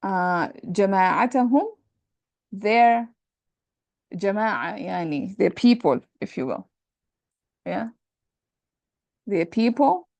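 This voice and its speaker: A woman's voice: medium pitch, lively intonation, measured pace, gravelly, pauses often, darkish tone, no room sound, dull audio. A woman teaching Arabic grammar, explaining patiently and checking in with her students. She switches between English and Arabic terms and repeats them often. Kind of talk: lecture on Arabic sentence parsing.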